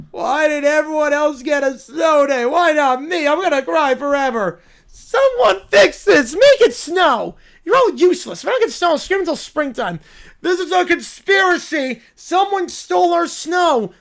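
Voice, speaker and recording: A spoiled, petulant child wails and demands in a high, strained voice, dragging out the whining, as a man puts the kid on. The voice has a gravelly edge of fry under the whine. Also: fairly bright tone, exaggerated voice. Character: whiny spoiled kids throwing a tantrum.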